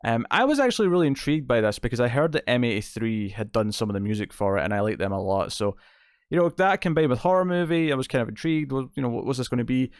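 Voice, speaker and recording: A man's voice: medium pitch, big pitch swings, fast talker, smooth, dry recording, studio quality. A man hosting a casual spoken movie review show, enthusiastic and rambling, with many fillers and restarts. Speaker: film reviewer, show host.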